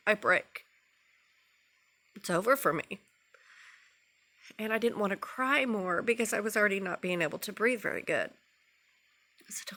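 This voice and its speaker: A woman's voice: mid-range voice, normal speed, creaky, long pauses, bright, forceful tone. A woman vlogger telling a raw, emotional personal story to camera, earnest and repeating key phrases for weight.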